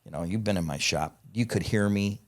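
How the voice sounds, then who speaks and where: Deep-voiced, profane man spinning a shop story. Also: a little fast. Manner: excitable, profane, animated storyteller. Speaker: podcast guest. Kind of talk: casual storytelling chat.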